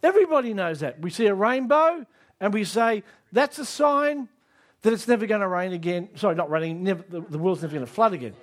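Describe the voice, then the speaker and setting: High-voiced preacher asking the crowd questions. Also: male voice, expressive, a little fast. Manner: emphatic, rising to near shouts on key lines; asks the audience direct questions. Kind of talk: sermon.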